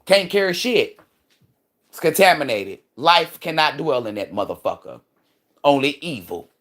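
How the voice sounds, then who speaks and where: A woman's voice: low-pitched, very animated, normal speed. A woman hosting a livestream, ranting casually in a profane, emphatic and preachy way. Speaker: livestream host and spiritual commentator.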